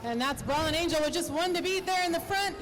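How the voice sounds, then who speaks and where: A woman co-calling a roller derby bout live, chatty and quick with quips. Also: very high voice, music in the background, poor audio. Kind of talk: live sports commentary.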